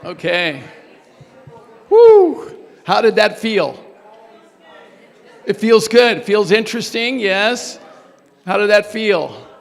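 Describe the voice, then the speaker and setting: A man's voice: sits high, takes it slowly, creaky, long pauses, fairly bright tone, in a large hall. A man leading a workshop group exercise, coaching and urging the room on with energy. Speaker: workshop presenter.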